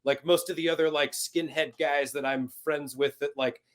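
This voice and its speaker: A man's voice: on the high side, fairly even intonation, normal speed. A man in his thirties, a punk band member, chatting loosely as an interview guest, full of "like" and swearing. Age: 30s. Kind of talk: casual interview chat.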